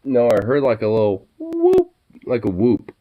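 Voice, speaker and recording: A man's voice: fairly low pitch, a little fast, muffled recording. A man chatting casually on his vlog in a laid-back way, swearing freely and cooing at his pets. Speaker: vlogger. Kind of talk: casual chat.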